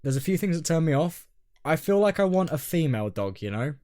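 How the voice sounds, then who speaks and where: A young man co-hosting a casual podcast, talking in a rambling, hesitant way that often trails off quietly. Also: on the high side, sing-song, brisk. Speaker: podcast co-host. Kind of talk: casual chat.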